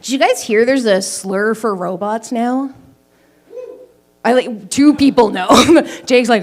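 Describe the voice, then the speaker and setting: A Canadian woman performs an open mic stand-up set in a small comedy venue before a live audience. She tells a story loosely and conversationally, with swearing and self-deprecating asides. Her voice is on the high side, unhurried, with a darkish tone.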